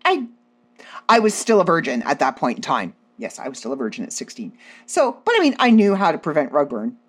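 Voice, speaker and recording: Animated low-voiced woman telling stories. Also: brisk, husky. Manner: animated, self-deprecating, laughs often. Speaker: podcast host. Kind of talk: casual comedic storytelling.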